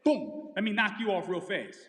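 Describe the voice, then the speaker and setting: A man's voice: high voice, sing-song, moderate pace, a bit bright, echoey room, long reverb tail, pitched below the performer's own voice. A man acting out God as a stern father scolding his children, using casual slang.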